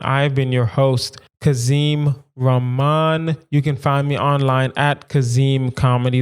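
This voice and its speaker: A man's voice: mid-range voice, smooth. A young adult man hosting a solo comedy podcast, riffing emphatically and repeating lines for effect. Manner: animated, emphatic riffing with repetition. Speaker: podcast host.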